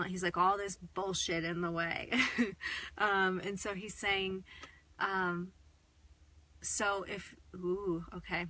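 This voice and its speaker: A woman channeling in a casual live-stream talk from inside a car, sounding tired with a slightly hoarse throat and chatting with lots of fillers and soft laughs. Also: fairly low pitch, dry recording. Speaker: spiritual channeler.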